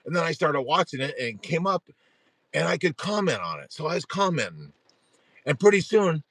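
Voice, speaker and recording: A middle-aged man hosting a support group livestream tells a casual story, animated and rambling, restarting sentences and laughing at himself. His voice is on the high side and a little fast, with no room sound.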